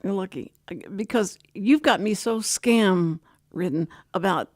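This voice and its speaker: A woman's voice: mid-range voice, measured pace, dry recording, studio quality. An older woman from Texas hosting a casual radio talk show, telling stories and acting out phone calls. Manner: animated storyteller, acts out phone calls. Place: radio studio.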